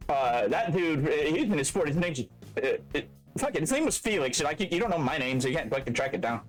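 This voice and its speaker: A man's voice: on the high side, very animated, quick pace, soft background music. A man who runs the game, chatting casually with his players, joking and swearing freely. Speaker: game master. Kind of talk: casual chat.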